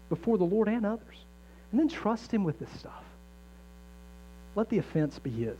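Earnest pastor, dull lo-fi sound. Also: male voice, sits high, big pitch swings, normal speed, long pauses, dark tone. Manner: earnest, conversational preaching with jokes and acted-out inner voices. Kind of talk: sermon. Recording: dull lo-fi sound with faint mains hum.

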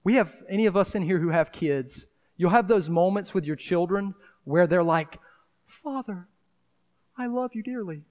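A man's voice: sits high, normal speed, few pauses, darkish tone, lo-fi sound. A man preaching a sermon in a conversational style, breaking into dramatic acted asides. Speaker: pastor.

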